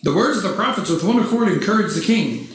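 A man preaching a sermon, reading scripture aloud and breaking into animated, mock-cheering asides. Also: high voice, quick pace. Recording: echoey church hall, faint noise.

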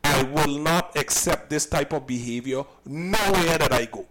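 A man's voice: fairly high pitch, a little slow, noisy background. A man from Saint Kitts, a cook and business owner, recounting a personal incident in an emphatic, indignant way and often repeating himself.

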